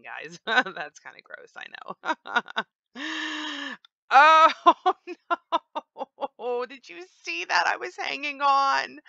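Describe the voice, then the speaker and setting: A woman commentating her own gameplay, her bright voice swinging widely in pitch as she exclaims and teases her viewers. The recording is dry and a bit dull, like a home desk mic. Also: vocal fry, clear, resonant tone, dry recording. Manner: exclaiming, playfully boastful, chatty to viewers. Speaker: gaming channel host. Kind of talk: let's-play commentary.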